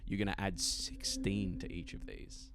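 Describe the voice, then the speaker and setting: A man narrating as game master in a one-on-one tabletop game, relaxed and filling pauses with frequent "uh" sounds. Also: deep voice. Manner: relaxed, many "uh" fillers, quick laughs.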